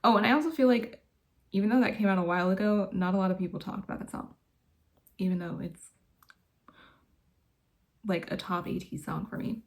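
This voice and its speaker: A woman's voice: medium pitch, fairly quick, long pauses, a little mellow. A woman vlogger chatting casually from her bedroom, gushing and laughing often as she talks. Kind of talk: casual chat.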